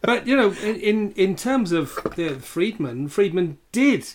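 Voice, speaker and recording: A man co-hosting a podcast in casual chat, calmly recounting events from notes. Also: sits high, measured pace. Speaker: podcast co-host.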